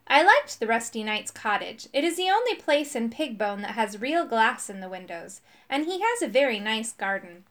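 A woman reading a children's storybook aloud, expressive and animated. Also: fairly high pitch, moderate pace, hardly any pauses. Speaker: audiobook reader.

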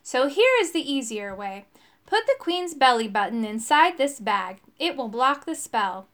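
A mysterious old woman of the swamp, read by a woman narrator, gives calm, steady advice in a storybook. The voice stays high and moves widely in pitch. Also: measured pace, exaggerated voice. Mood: advising. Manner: calm, advising.

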